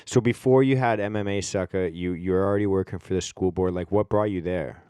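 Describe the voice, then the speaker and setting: Smooth low-voiced young podcast host. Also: male voice, steady tone, brisk, mellow, no echo, clean studio sound. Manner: chatty, heavy use of "like". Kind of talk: casual podcast interview.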